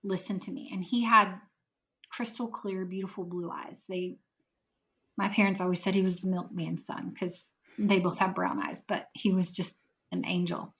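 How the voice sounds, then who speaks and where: A woman's voice: fairly low pitch, fairly even intonation, normal speed, fairly bright tone. A woman on a podcast telling an emotional personal story in earnest, acting out the voices of people in it. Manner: earnest, acts out quoted voices in her story. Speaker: podcast guest.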